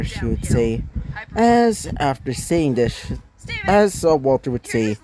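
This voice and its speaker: A man narrates a homemade crossover tale on the fly, his pitch swinging up and down in a lively way. He stumbles through fillers and restarts as he makes it up. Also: measured pace. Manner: rambling, many fillers and restarts. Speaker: storyteller. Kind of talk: improvised fan story narration.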